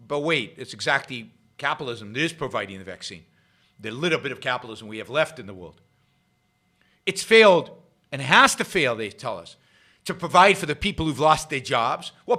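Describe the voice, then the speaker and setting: A man hosts a solo commentary show, arguing point by point and driving ideas home through repetition. His pitch sits a touch high and swings widely as he presses each argument. The tone is bright and forceful. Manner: emphatic, argumentative, repeats phrases for effect. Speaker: show host. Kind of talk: solo political commentary livestream.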